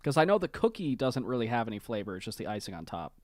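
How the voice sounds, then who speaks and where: A podcast host on a call, chatting casually, animated and profane, laughing often. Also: medium pitch, fast, dry recording, studio quality. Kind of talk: casual chat.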